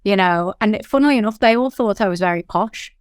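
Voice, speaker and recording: In this candid interview, the guest is a business founder, a woman from Liverpool, England, whose Liverpool accent comes through clearly. She has a smooth, resonant voice at medium pitch and chats quickly and animatedly, leaning on fillers such as "like" and "you know." The sound is close-miked and dry, with no room sound.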